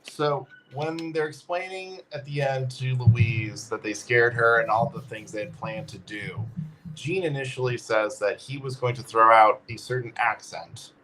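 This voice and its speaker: A man's voice: medium pitch, steady tone, unhurried, background noise. A man hosting a casual live-stream trivia game, reading out questions and joking with his co-host. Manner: reads questions, playful banter. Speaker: quizmaster and co-host.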